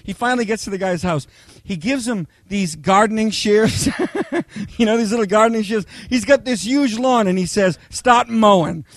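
A man preaching a sermon, telling lively personal stories and often checking in with "okay?" and "right?". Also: high voice, normal speed, dry recording. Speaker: pastor.

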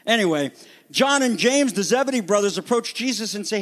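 A middle-aged man preaching a sermon in an animated way, acting out the voices he quotes. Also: high voice, brisk. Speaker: pastor.

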